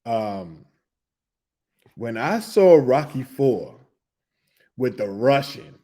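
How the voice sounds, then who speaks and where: A middle-aged man hosting a podcast, telling a loose, animated story in casual slang, with laughs and restarts. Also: medium pitch, extremely slow. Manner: animated, humming tunes and acting out reactions. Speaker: podcast host.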